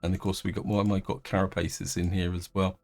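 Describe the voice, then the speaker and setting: A man's voice: low voice, little pitch movement, a little fast, darkish tone. A man giving casual, rambling commentary while playing a space game, with frequent restarts and fillers. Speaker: gaming video host. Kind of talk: casual let's-play commentary.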